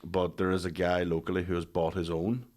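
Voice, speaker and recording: A man's voice: low voice, level tone, brisk, darkish tone. A man, co-hosting a podcast with laid-back, sweary banter. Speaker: podcast co-host. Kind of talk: casual comedic chat.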